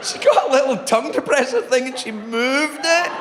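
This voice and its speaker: A Scottish man doing stand-up comedy, telling an animated story that swings between loud outbursts and low asides. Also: moderate pace. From Scotland. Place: theater stage before a live audience. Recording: long hall reverb, audience noise. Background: audience laughter.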